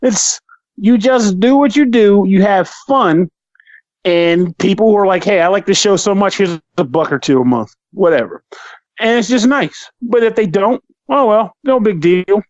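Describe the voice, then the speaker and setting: Male podcast co-host, slightly high voice, animated and jokey, dry, dull mic sound. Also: normal speed, no echo. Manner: animated, joking, profane rants. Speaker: podcast co-host, game reviewer. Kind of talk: casual chat.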